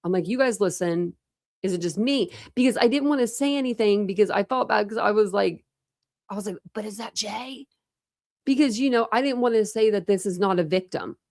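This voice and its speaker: Chatty woman with a gravelly edge. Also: mid-range voice, brisk, a little mellow, no room sound, clean studio sound. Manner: chatty, many fillers and restarts. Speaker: true crime livestream host. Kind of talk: casual rambling livestream chat.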